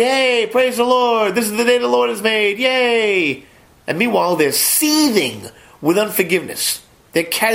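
A middle-aged man preaching a sermon, swinging between loud emphasis and quiet asides. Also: a little high. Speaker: pastor.

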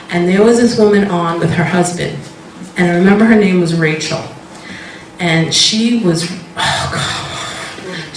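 A woman shares a faith testimony slowly, in a rambling storyteller's way, laughing often. Her voice comes from a distance in a roomy, echoing space. A faint background hiss sits under the speech. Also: lowish voice. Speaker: Christian speaker sharing a testimony.

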